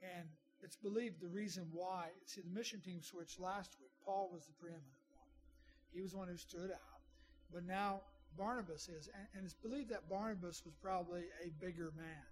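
A middle-aged pastor with a high voice and steady tone preaches at a normal speed. His sermon is conversational, with asides to the congregation, and a little hiss or hum sits in the background.

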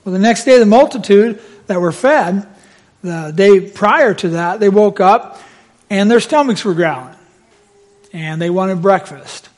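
Man, preacher, very high voice, animated sermon storytelling. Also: measured pace.

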